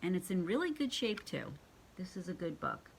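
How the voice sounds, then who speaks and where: An older woman reading picture books aloud to her grandchildren, gentle and expressive, asking them questions as she goes. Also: on the low side, normal speed, slight background noise. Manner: gentle and expressive, asking the children questions and acting out animal sounds.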